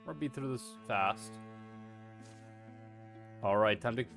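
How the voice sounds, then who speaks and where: A VTuber streamer plays a video game, chatting casually in a rambling, self-deprecating way and swearing freely. His mid-range voice is slow, creaky and fairly bright, with faint music behind him.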